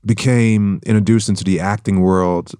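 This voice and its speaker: A man with a very deep voice and a light German accent talks through his story in a casual interview. He speaks thoughtfully, circling back and restarting as he goes. The sound is dry and close, with no room around it. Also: fairly even intonation, mellow, clean tone, no echo. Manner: reflective, measured, with many restarts. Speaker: guest actor.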